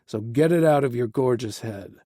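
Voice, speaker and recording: A rugged, protective ranch man who speaks low with a growl, read by an audiobook narrator. His voice is warm and mellow. It is recorded dry and close. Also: moderate pace, no room sound, close to an everyday voice. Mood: firm. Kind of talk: audiobook character voice.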